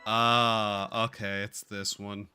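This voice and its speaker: A man's voice: lowish voice, little pitch movement, slow, bright, forceful tone, smooth, faint music behind. A man streaming a game, talking in a drawling, meandering way with sighs and casual swearing. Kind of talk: casual gaming stream chat.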